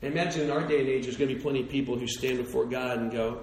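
A man preaching a sermon, dropping soft and low for hushed passages and climbing to near-shouts at the peaks. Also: steady tone, rapid-fire, echoey room, a little hiss or hum, low-quality recording. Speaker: pastor.

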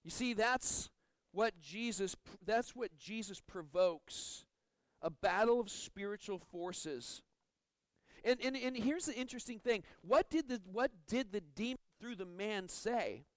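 A man's voice: high voice, no echo, low-quality recording. A man preaching a sermon, earnest, often stumbling and repeating words as he explains a passage. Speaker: pastor.

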